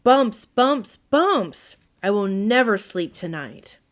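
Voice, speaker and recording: A woman voicing a fussy, excitable male owl as she reads a children's storybook aloud. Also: a little slow, lightly acted. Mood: fretful. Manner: high, fretful storybook voice.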